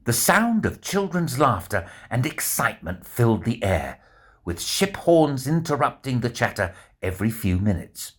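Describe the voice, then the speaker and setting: A man narrating a children's adventure story in the first person as a bear, in an animated, expressive storytelling manner. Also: mid-range voice, moderate pace.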